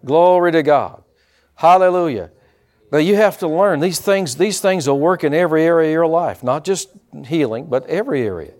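A pastor delivering a sermon, preaching emphatically and breaking into dramatic shouts. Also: male voice, a little high, expressive, a little fast, few pauses.

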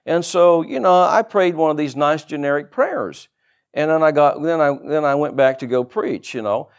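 A middle-aged male pastor preaching with a lively, swinging delivery that leaps up and down in pitch. His voice sits a little high for a man, and he peppers the sermon with rhetorical questions and joking asides. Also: normal speed.

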